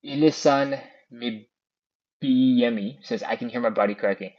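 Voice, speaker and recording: Man, stretching coach, live class, counts down aloud, chatty, middle pitch, dull lo-fi phone audio. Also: measured pace. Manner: counts down aloud, chatty, reads out chat comments. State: a bit out of breath. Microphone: phone on a stand.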